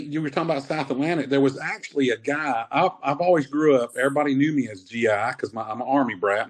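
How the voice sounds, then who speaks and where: A man in his fifties, a wrestler telling old stories in a relaxed, rambling way during an interview. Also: mid-range voice. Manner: rambling, laid-back, says man often. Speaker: wrestler guest. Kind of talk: casual interview storytelling.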